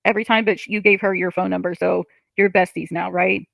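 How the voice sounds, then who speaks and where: A frustrated woman venting on her livestream between chat comments, with a heavily gravelly, fry-laden voice. Her tone is bright and tense, and she swears freely. The sound is dry and close. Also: on the low side, fairly even intonation, brisk, dry recording. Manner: frustrated, ranting, swears often.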